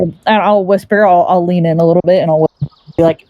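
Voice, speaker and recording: A woman's voice: lowish voice, fairly even intonation, a little fast, no echo, dull audio. A woman taking part in a tabletop role-playing game, describing her character's actions in a chatty, casual way and laughing often. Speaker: player.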